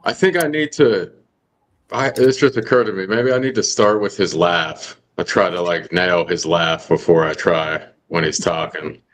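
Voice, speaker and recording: A man with a very low voice chats easily on a livestream. He sounds relaxed and unhurried in his talk. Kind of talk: casual chat.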